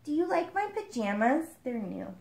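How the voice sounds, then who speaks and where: A sick little girl with a high, soft voice, wistful and sweet, as a woman puts her on. She is heard in an echoey room. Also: very animated, moderate pace, creaky, exaggerated voice.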